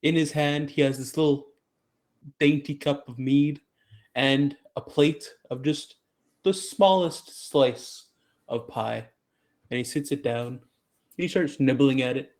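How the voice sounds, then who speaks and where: Man, player, detailed character description, unhurried, mid pitch. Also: darkish tone.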